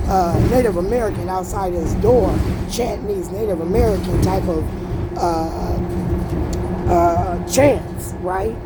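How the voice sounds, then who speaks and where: A woman ranting about her family in a rambling, agitated way, swearing heavily, her voice climbing higher as she gets angrier. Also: measured pace. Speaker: vlogger. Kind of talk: emotional personal rant. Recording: loud vehicle noise behind.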